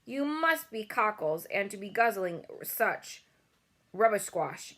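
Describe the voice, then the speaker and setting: Woman doing a booming bullying giant. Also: very animated, slow, fairly bright tone. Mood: scornful. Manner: booming, scornful. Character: brutish male giant, bullying.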